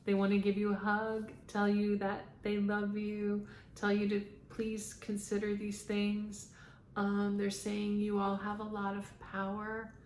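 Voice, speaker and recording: A woman speaking as a spiritual medium, relaying messages to viewers in a halting monologue full of "um"s. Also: mid-range voice, completely flat delivery, darkish tone, a little hiss or hum. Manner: halting, frequent "um" fillers. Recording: echoey room.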